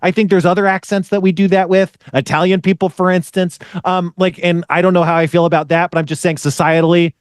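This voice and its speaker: A male podcast host rants in loose, rambling casual chat, peppered with swearing. His voice sits high for a man, and the recording is dry and close, with no room sound. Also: flat delivery, fast talker, few pauses, clear, resonant tone, dry recording. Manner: rambling, profane, ranting.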